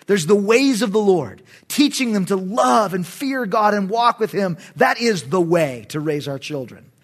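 A middle-aged man, a pastor preaching a sermon in an animated, emphatic way, with sudden loud bursts. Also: high-pitched.

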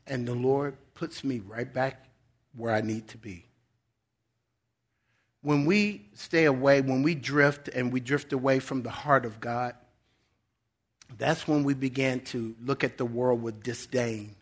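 A man's voice: medium pitch, steady tone, unhurried, pauses often. A man preaching a sermon as a guest pastor, earnest and emphatic, often repeating words as he builds a point. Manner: earnest and emphatic, dropping to a soft voice for quotes.

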